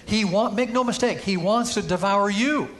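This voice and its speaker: High-pitched male preacher, storytelling sermon with emphatic peaks, church setting. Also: moderate pace, a bit bright. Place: church sanctuary.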